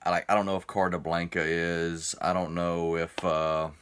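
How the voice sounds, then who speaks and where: A man's voice: sits low, flat delivery, normal speed, fairly bright tone, slight background noise. A man rambling through a casual beer review video, a little tipsy after a few drinks. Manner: rambling, chatty, self-interrupting.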